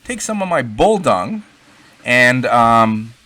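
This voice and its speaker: A man's voice: medium pitch, very animated, takes it slowly, bright, forceful tone, no echo, heavily acted. A man voicing a vigorous young male bull in a folksy spoken fable, giving chummy advice.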